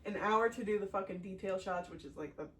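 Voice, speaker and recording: A woman's voice: mid-range voice, quick pace, over a noisy crowd. A woman co-hosting a podcast, telling a story in casual chat and filling it with "like.". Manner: chatty storytelling, full of "like". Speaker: podcast co-host. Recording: distant mic with faint background noise.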